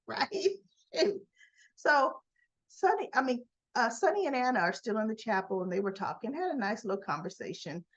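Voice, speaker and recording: A woman's voice: on the high side, very animated, moderate pace, fairly bright tone, highs cut off. A woman vlogger giving a casual recap of a soap opera episode, telling it as a story and acting out the characters' lines.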